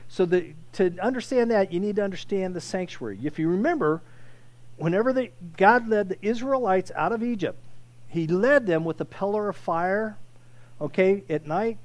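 High-voiced male pastor preaching. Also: moderate pace. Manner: conversational preaching, frequent restarts, swells loud for emphasis. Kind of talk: sermon.

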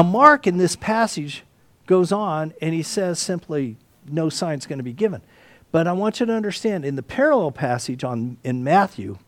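A man leads a Bible study in a lively, rising and falling voice, raised a little high for a man. He booms on key points and drops to a near hush on others. The sound is close and dry. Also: no room sound. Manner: animated, swings from loud emphasis to hushed tones; frequent restarts and throat clearing. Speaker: Bible teacher.

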